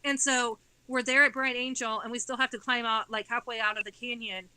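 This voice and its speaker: Bright, sharp-toned woman telling a story. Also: a little high, steady tone, a little fast, clean tone, no echo, poor audio. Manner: candid, profane, tumbling run-on sentences. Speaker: guest author. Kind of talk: casual storytelling.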